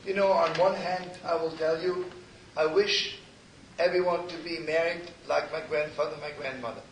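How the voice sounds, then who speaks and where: Older rabbi, hushed roomy live sermon. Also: male voice, a little high, steady tone, moderate pace. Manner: intimate, repeats phrases, often drops to a hushed near-whisper. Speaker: rabbi and teacher. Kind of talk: storytelling sermon to a live gathering. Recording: roomy distant live recording with noise.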